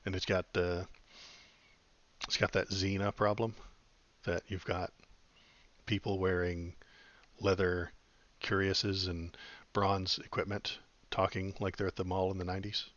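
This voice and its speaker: A man's voice: deep voice, little pitch movement, a little slow, fairly bright tone, no room sound, muffled recording. A man hosting a podcast in casual chat, rambling and wry with lots of fillers. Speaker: podcast host.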